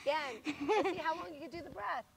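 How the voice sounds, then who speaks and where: A woman with a hoarse voice leading a children's yoga class outdoors in a park, encouraging the kids and asking them questions. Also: very high voice, quick pace, distant mic, crowd noise, low-quality recording. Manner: encouraging, leads by example, asks the children questions. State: losing her voice, hoarse. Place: outdoors in a large city park.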